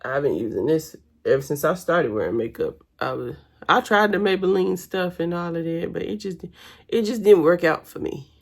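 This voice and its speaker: A woman's voice: fairly low pitch, lively intonation, normal speed, gravelly. A young woman, chatting casually with her viewers while doing her makeup at home. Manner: chatty, addresses viewers as y'all. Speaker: vlogger.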